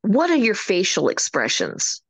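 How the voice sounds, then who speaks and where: A woman giving an energetic, animated motivational talk, with preacher-like emphasis on key words. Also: medium pitch, measured pace, no echo. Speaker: motivational speaker.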